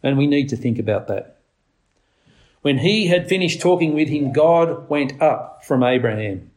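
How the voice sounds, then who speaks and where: A man preaching a sermon, leaning on words slowly for emphasis and climbing to urgent, raised passages. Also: lively intonation, a little mellow. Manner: preaching with slow emphatic stresses, rising to urgent highs.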